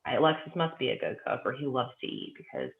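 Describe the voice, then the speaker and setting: A woman's voice: extremely low pitch, big pitch swings, fast. A woman guest gushing enthusiastically about books in a casual chat, with lots of fillers. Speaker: guest author. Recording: tinny remote phone line with echo.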